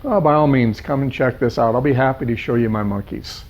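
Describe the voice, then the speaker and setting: A man voicing an old, wise zookeeper who speaks calmly and softly. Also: mid-range voice, lightly acted. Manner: calm, soft and unhurried. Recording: dull lo-fi sound.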